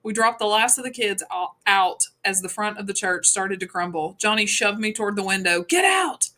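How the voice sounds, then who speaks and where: Woman audiobook narrator, brisk first-person storytelling. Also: mid-range voice, steady tone, bright, forceful tone. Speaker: audiobook reader.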